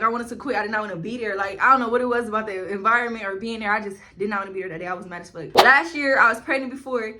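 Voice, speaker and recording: A young woman vlogger sits at home before a ring light, telling a casual storytime to camera in a fairly high, pushed, bright voice. She's chatty, slangy, and profane.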